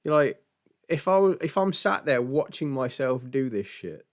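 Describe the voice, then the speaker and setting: A man's voice: mid-range voice, sing-song, normal speed. A British man hosting a casual live stream Q&A, chatty and laughing often, with stammering restarts and jokey mock voices when quoting people. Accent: British English. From Britain.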